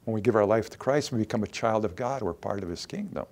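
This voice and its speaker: A man's voice: lowish voice, lively intonation, fast, a little mellow. A man preaching a conversational sermon to a congregation, growing emphatic when he acts out quoted lines.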